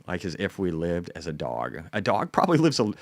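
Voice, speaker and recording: A man hosting a casual live stock trading stream, blunt and profane, muttering asides to himself and then bursting out loud. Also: deep voice, wildly swooping pitch, fairly quick, dry recording. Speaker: stock market livestream host.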